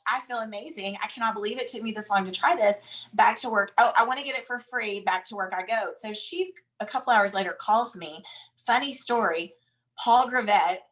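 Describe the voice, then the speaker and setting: Woman, Southern drawl, thirties, animated storyteller, chatty. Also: mid-range voice, low-quality recording. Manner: animated, chatty, says "y'all" and "like" often. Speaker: guest speaker. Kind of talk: motivational storytelling.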